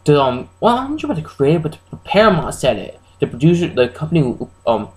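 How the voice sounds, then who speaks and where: A man giving a casual, rambling, spoiler-heavy recap of a horror film as a reviewer, excitable and full of restarts. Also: a little high, quick pace, poor audio.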